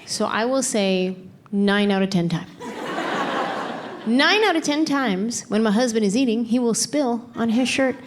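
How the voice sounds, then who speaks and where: A middle-aged woman doing stand-up comedy on stage through a handheld mic, telling her stories in an exasperated, animated, playful way. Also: fairly high pitch, unhurried. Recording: live comedy show with laughing crowd. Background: audience laughter and applause.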